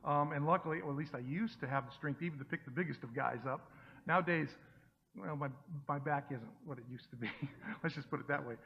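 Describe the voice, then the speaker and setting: A man's voice: on the high side, fairly quick, slight background noise. A middle-aged man preaching a conversational sermon to his church, with joking asides and frequent restarts. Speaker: pastor. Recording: dull sound with long hall reverb.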